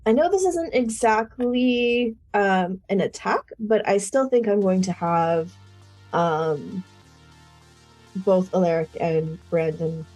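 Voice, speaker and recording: A woman narrates a tabletop game as its game master, taking her time and filling gaps with ums. Her pitch sits in the middle and her pace is unhurried. Faint music plays behind her. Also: a little mellow. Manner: hesitant, many ums.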